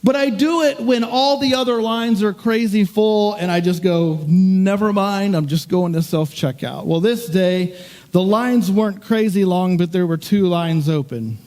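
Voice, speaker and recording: A man's voice: sits high, a little slow, darkish tone. A middle-aged man, a pastor, telling a story in his sermon in a conversational, self-deprecating way.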